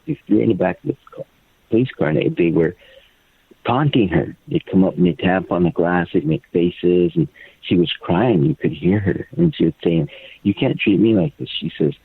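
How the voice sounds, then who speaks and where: An older man, a guest and a father, telling a personal account on a phone line in a halting way, repeating and stumbling over his words. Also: low-pitched, expressive, gravelly, slightly rough.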